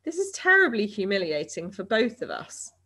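A woman's voice: mid-range voice, sing-song, normal speed, pushed and bright, breathy edge, exaggerated voice. A woman voicing a shy, matter-of-fact boy who explains things patiently. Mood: explaining.

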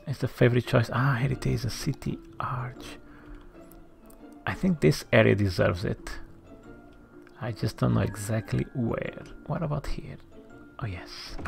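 A let's-play commentator thinking aloud while building in a game, muttering to themself and sometimes dropping to a soft near-whisper. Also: mid-range voice, creaky. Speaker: gameplay commentator.

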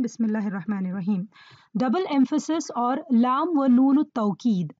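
A woman teaching Quranic Arabic grammar in a measured, explanatory way, often checking in with the listener. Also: high-pitched, a little mellow, dry recording, dull audio.

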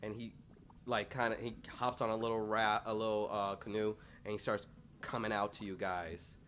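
A man's voice: fairly low pitch, little pitch movement, moderate pace, a bit bright, a little hiss or hum. Casual man narrating as dungeon master. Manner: loose, rambling narration with fillers. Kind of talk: narrating a tabletop game.

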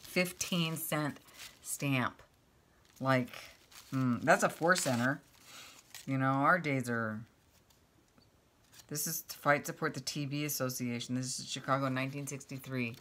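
Speaking in a bass voice at a measured pace with long pauses, a woman in her fifties sorts through her fan mail for her craft channel. She reads every item aloud, thinking out loud, gushing and exclaiming casually to the camera. A little hiss or hum sits under the recording.

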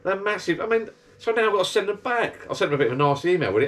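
A man's voice: high voice, lively intonation, very fast, a bit bright. A man, rambling and grumbling in a casual monologue from his backyard garden bar. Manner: chatty, grumbling rant. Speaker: vlogger.

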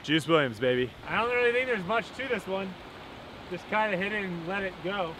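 A man's voice: high voice, animated, fairly quick. A man from the Southern United States giving playful sportscaster-style commentary on a mini golf game outdoors. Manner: joking sportscaster-style play-by-play. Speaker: vlog host. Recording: dull lo-fi outdoor audio with faint noise.

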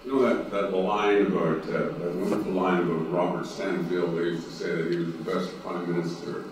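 A man's voice: low-pitched, steady tone, moderate pace, slight background noise. A man from Cape Breton with a local accent, speaking on a conference panel in a folksy storytelling manner, with many fillers and restarts. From Cape Breton, Nova Scotia. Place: conference hall. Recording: roomy hall recording from a distance.

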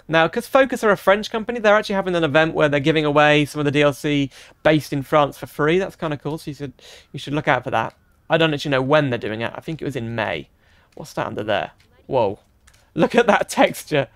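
A man's voice: a little high, fast talker, dry recording. Chatty man playing a train game. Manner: chatty, thinking aloud, bursts of excited exclamations. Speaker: gaming channel host. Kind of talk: let's-play commentary.

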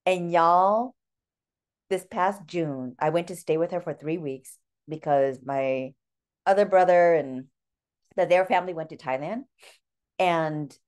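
Woman in her forties, slightly low voice, sincere and personal, book club talk. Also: a little mellow. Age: 40s. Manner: heartfelt, personal storytelling. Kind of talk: casual group discussion.

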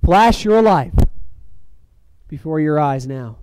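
Male preacher, reflective sermon delivery, fairly high mellow voice, dry close sound. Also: expressive, slow pace, clean tone, dry recording. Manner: reflective, with soft dropping phrase ends and sudden lifts.

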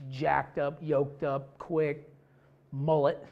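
Blunt joking football coach. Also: male voice, a little high, very slow, creaky, narrow, tinny audio. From Idaho, USA. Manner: blunt, joking, animated storytelling. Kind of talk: coaching clinic talk.

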